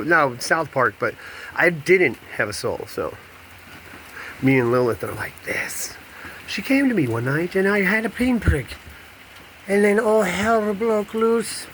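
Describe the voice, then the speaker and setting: A man's voice: mid-range voice, sharp tone, slight background noise. A man in a casual confessional monologue to a camera, rambling and candid, jumping between thoughts while he paces. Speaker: vlogger and podcast host.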